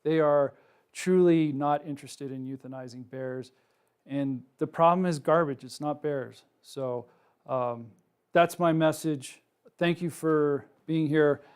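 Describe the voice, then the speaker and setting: A middle-aged man, a wildlife researcher, giving a public talk to a live audience, telling a personal story in a casual, animated way with lots of ums and likes. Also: on the high side, slow pace, smooth. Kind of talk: public lecture with personal anecdote. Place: lecture room with a live audience.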